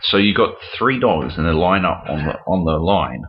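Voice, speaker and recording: A deep-voiced Australian man chatting casually as a podcast co-host, blunt and quick to swear. The recording is dull and lo-fi, with muffled highs. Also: animated. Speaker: podcast co-host, games reporter. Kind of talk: casual chat.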